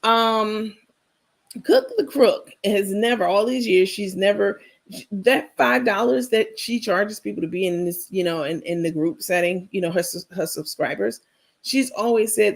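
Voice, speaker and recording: A woman's voice: medium pitch, measured pace, vocal fry. A woman hosting a livestream, chatting casually and digressing as she gossips and talks straight to her viewers. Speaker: livestream host.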